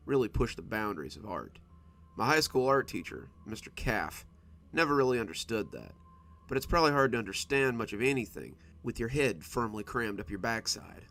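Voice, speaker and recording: Male narrator, horror story reading, very gravelly voice, lively pitch. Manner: expressive storytelling.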